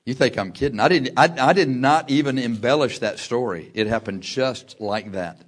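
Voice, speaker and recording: A man preaching a sermon, telling a personal story with lively delivery, laughing often and shouting at the big moments. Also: mid-range voice, normal speed.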